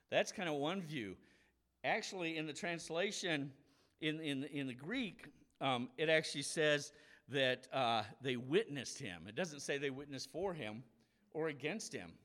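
A man's voice: medium pitch, lively intonation, moderate pace, a bit bright. A man preaching a conversational Bible lesson, explaining scripture in a casual, explanatory way and acting out the voices of people in the story.

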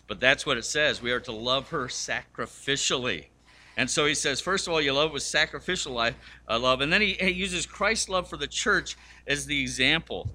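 A man's voice: mid-range voice, normal speed, sharp tone. A man preaching a sermon, telling stories and acting out the voices of the people in them. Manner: storytelling, acts out quoted voices. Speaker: pastor.

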